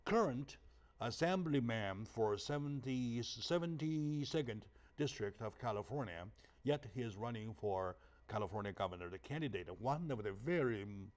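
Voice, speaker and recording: A talk show host, a man who speaks Chinese natively, conducts an animated interview with punchy, emphatic rhetoric, repeatedly asking "right?" His mid-range voice is expressive and his pace moderate.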